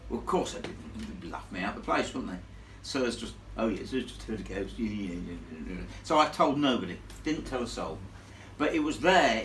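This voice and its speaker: Lively man telling a ghost story. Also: a little high, slight background noise. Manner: animated, blunt, salty storyteller. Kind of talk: live storytelling to an audience. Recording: echoey room filmed from far off.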